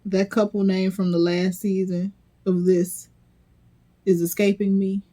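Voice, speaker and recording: A woman's voice: mid-range voice, flat delivery, measured pace, dark tone. Sassy blunt woman recapping reality TV. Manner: sassy, blunt, profane, incredulous. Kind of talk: casual commentary vlog.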